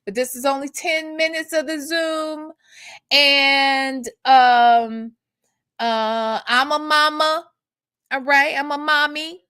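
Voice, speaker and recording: Reading out chat comments on her casual commentary livestream, this female host speaks slowly in a high-pitched, steady voice that sounds pushed and bright. She swears, repeats herself emphatically, and keeps adding "okay?" to her lines. The sound is dry and clean, like a studio.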